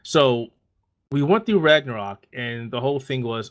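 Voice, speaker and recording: A man's voice: medium pitch, moderate pace, a bit bright. A man co-hosting a podcast, chatting enthusiastically about a film and raising his own points. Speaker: podcast co-host. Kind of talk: casual movie chat.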